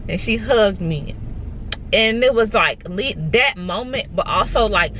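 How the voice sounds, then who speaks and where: A young woman records a casual storytime vlog into her phone from inside a parked car. She tells her story in an excited, repetitive rush and keeps turning to her viewers. Faint car noise hums behind her mid-pitched voice. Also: a little slow. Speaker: vlogger.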